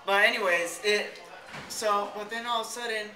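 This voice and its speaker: A man's voice: high-pitched, moderate pace, noisy background. A man casually telling a rambling, jokey childhood story, swearing now and then, in a school hallway. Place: school hallway outside a band room. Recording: echoey hallway.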